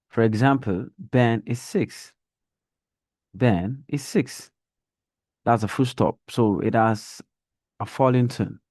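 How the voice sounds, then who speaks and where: A man teaching a reading lesson for young children, explaining slowly and demonstrating intonation as he reads aloud. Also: on the low side, warm tone, no room sound, clean studio sound.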